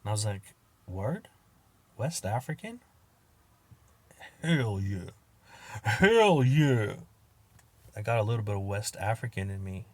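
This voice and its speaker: Man, low-pitched, casual podcast rant, profane, laughing at own jokes, loud bursts when quoting. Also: lively intonation, normal speed, pauses often, dry recording. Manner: acts out quoted exchanges with sudden loud outbursts. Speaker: podcast host. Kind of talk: casual comedic monologue.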